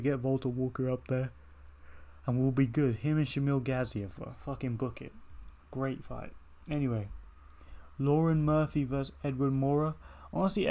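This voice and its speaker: A young man talks through fight results in a relaxed, meandering way. He swears constantly and keeps circling back to his points. His voice sits at an everyday middle pitch. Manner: rambling, laid-back, heavy swearing. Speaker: MMA reaction channel host. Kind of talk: casual fight breakdown.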